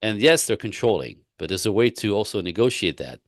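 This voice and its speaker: A man, a relationship coach, talking in a casual interview with emphatic, repetitive points and animated stories. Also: on the low side, a little fast, no echo, studio quality.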